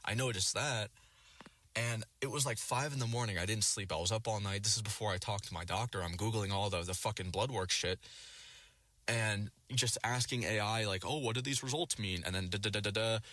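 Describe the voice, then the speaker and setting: A man's voice: lowish voice, fairly quick, bright, forceful tone, no room sound. A young man ranting casually to his viewers, rambling and swearing a lot with plenty of filler words. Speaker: vlogger. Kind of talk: casual rant to camera.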